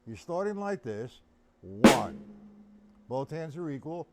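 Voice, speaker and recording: Chatty drum teacher counting aloud. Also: male voice, a little high, lively intonation, moderate pace, loud music behind the voice. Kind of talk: live-streamed drum lesson. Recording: drum kit loud behind voice. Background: drums and metronome.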